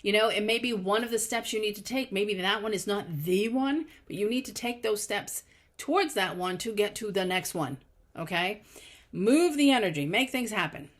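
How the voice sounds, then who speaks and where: A middle-aged woman hosting a podcast, telling personal stories in an earnest, casual spiritual talk with lively quoted asides. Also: medium pitch, normal speed. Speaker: podcast host.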